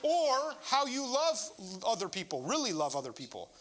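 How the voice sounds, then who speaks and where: A man's voice: very high voice, huge pitch swings, moderate pace, fairly bright tone, a little hiss or hum. A middle-aged male pastor preaching a sermon in a candid, conversational storytelling way.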